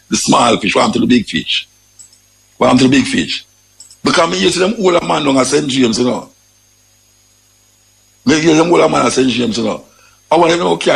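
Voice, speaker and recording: Gravelly Jamaican man ranting emphatically. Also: medium pitch, a bit bright, poor audio. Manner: emphatic, repeats phrases, peppers with "you know". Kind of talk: casual spoken commentary.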